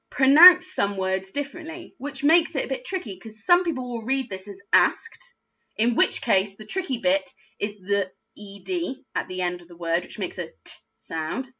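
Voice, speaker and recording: A primary school teacher teaches phonics to young children, sounding out each word letter by letter. Her medium-pitched voice is bright and lively, moving up and down a lot, and her pace is slow and patient. The recording sounds dull and lo-fi.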